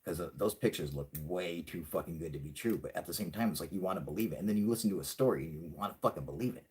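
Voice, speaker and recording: A man hosting a live stream, chatting casually and rambling with lots of swearing, saying he is high. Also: very fast, darkish tone. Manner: profane, rambling, laughing often. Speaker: host.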